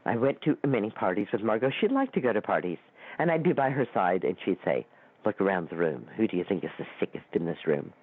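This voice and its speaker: Lively woman telling stories over a phone line. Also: fast, breathy edge. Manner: animated, acts out quoted voices with big pitch swings. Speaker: radio show host. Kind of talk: storytelling talk.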